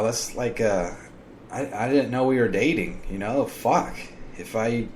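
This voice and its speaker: A man's voice: mid-range voice, a little hiss or hum. An American man hosting his own podcast, talking in a blunt, exasperated and profane ranting monologue. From United States. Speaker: podcast host.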